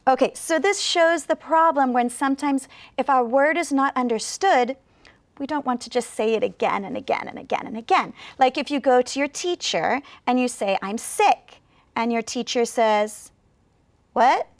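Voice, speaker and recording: Casting: high-voiced female ESL teacher, slow clear encouraging delivery. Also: dry recording. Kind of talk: video lesson to learners.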